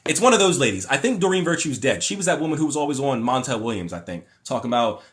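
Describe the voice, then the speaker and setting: A young adult man runs a casual livestream, reacting to viewer comments he reads aloud in a rambling, opinionated style with frequent fillers and restarts. When paraphrasing others he adopts mocking voices. He speaks fast and very animatedly at medium pitch, with a fairly bright tone and hardly any pauses.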